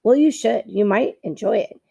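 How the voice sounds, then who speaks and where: A woman's voice: mid-range voice, moderate pace, creaky, dark tone, husky, no room sound, clean studio sound. Woman playing a gushing theatrical opossum. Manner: dramatic, gushing. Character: theatrical chatty female opossum, a born ham.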